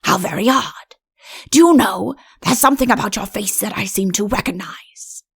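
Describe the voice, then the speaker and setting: A genial, bumbling fairy-tale king exclaims heartily and fusses over his guest, as a woman narrator puts him on. Her storybook voice carries a gravelly edge. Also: mid-range voice, normal speed, dry recording, clean studio sound.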